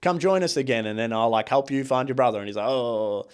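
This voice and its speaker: A man co-hosting a podcast, recapping a movie in a rambling, casual way with lots of fillers, acting out characters in quick asides. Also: medium pitch, animated, smooth. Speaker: podcast co-host. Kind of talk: casual movie review chat.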